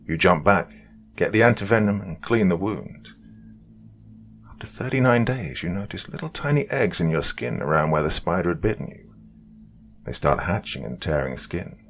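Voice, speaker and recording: A man reading horror scenarios as scripted narration, in a slow, dramatic, hushed delivery. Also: sits low, gravelly.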